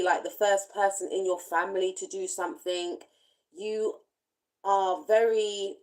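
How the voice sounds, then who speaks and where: Soft-spoken woman giving a tarot reading. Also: lowish voice, poor audio. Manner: gentle, reflective, speaks in loose repeating phrases. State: briefly emotional. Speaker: tarot reader.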